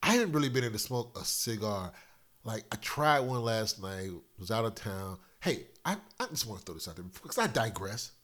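A middle-aged man hosting a casual solo podcast, loose and profane, slightly congested from a cold, swinging between loud and quiet. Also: lowish voice, expressive, moderate pace. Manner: loose, profane, rambling storyteller with big swings in loudness. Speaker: podcast host.

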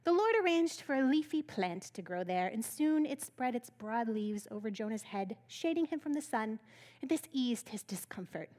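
A woman with a high voice preaching a sermon, speaking to her listeners in a casual, conversational way. She retells scripture with a playful, humorous edge and lively storytelling. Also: normal speed.

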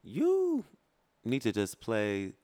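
A man's voice: mid-range voice, wildly swooping pitch, very slow, dark tone. A man co-hosting a casual podcast chat, sassy and blunt, swearing freely. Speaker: podcast co-host.

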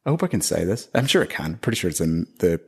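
A man's voice: sits low, big pitch swings, quick pace, creaky, slightly rough. A man in his thirties from Northern Ireland with a Northern Irish accent, chatting casually as an interview guest and laughing often.

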